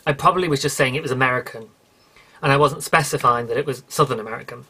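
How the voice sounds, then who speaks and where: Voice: mid-range voice, fast talker, pushed and bright, slightly rough. British solo podcaster, chatty, rambling, self-correcting. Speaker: podcast host. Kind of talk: casual solo podcast chat.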